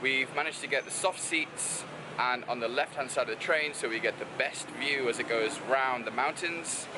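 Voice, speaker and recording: A man's voice: medium pitch, moderate pace, noisy background. A man with a Geordie accent chatting casually as a travel vlogger while walking around a city outdoors, loose and rambling with lots of fillers. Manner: chatty, loose, says "like" a lot. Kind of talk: casual travel vlog narration.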